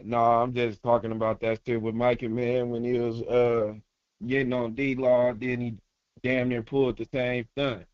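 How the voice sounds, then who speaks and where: A man's voice: medium pitch, flat delivery, normal speed, darkish tone, clean tone, no room sound. Laid-back man on a dull call line. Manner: laid-back, slangy, laughs often. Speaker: caller. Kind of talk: casual call-in chat.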